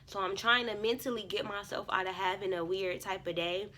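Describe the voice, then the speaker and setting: A young woman telling a casual storytime on her vlog. She talks in a bright, forceful way, full of curses. She bursts into loud, lively bits of her own self-talk. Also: medium pitch, fairly quick, slight background noise. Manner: animated, profane, swings into loud self-talk. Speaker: vlogger.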